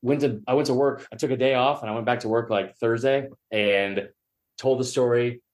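On a podcast, a male sports media figure relates a lengthy anecdote at a moderate pace. He performs the voices of the people involved with pitch jumps, keeping it animated, jokey, and full of swearing.

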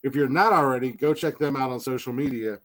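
A man's voice: mid-range voice, quick pace, slight background noise. Profane rambling male podcast host. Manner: profane, rambling, laughs often. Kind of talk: casual podcast chat.

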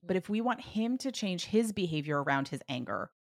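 A woman coaching a parent with advice, acting out example phrases with lively emphasis. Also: on the low side, a little fast, dry recording, studio quality. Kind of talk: advice session.

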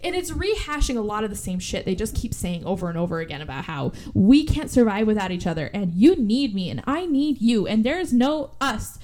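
A woman podcast host recapping a movie in casual chat, animated and swearing freely. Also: mid-range voice, fairly quick, hardly any pauses, a little hiss or hum.

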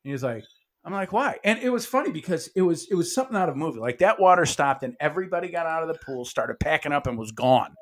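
A man's voice: on the high side, fast talker. A man from the American Midwest, co-hosting a podcast, telling stories in a loose, profane way and acting out the quotes. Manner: animated storyteller, swears freely, acts out quotes. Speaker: podcast co-host. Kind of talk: casual storytelling chat.

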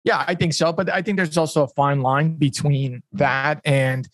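A man's voice: fairly high pitch, steady tone, moderate pace, no room sound. A man hosting a podcast, responding thoughtfully to his guest with hesitant restarts. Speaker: podcast host. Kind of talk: casual podcast conversation.

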